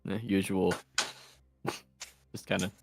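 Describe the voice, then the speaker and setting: A man playing in a tabletop game, speaking hesitantly with halting starts. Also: sits low, little pitch movement, vocal fry, over music. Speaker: player.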